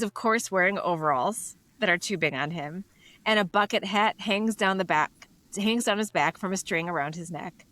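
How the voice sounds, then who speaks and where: A woman's voice: on the low side, a bit bright. A woman co-hosting a podcast, retelling a story and chatting emphatically about TV drama endings. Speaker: podcast co-host.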